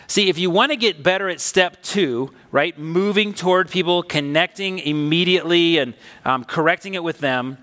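A man preaching a sermon, telling a personal story in a conversational, animated, emphatic way. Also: fairly high pitch, normal speed, few pauses, long reverb tail. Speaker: pastor.

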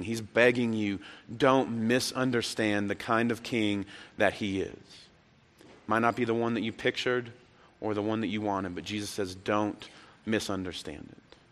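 A man's voice: fairly low pitch, a bit bright. A man preaching a sermon as pastor to a live congregation, impassioned and emphatic, repeating words as he builds. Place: church sanctuary, live congregation. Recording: echoey church hall.

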